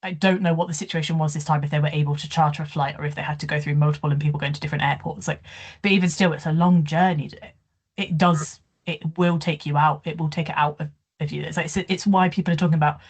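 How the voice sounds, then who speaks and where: A woman's voice: low-pitched, steady tone, quick pace, breathy edge. A woman co-hosting a sports podcast, chatting casually and thinking aloud as she weighs up each point. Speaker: podcast co-host.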